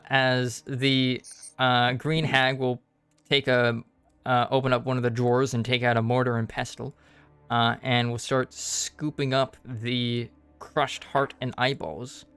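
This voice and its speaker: A man narrating as dungeon master of a tabletop game, measured and often pausing with fillers. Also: mid-range voice, a bit bright, clear, resonant tone, dry recording.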